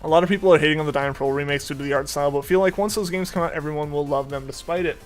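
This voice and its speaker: A man's voice: on the high side, racing, soft background music. A young man streaming a game, chatting casually and rambling with many fillers and restarts. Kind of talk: casual chat while gaming.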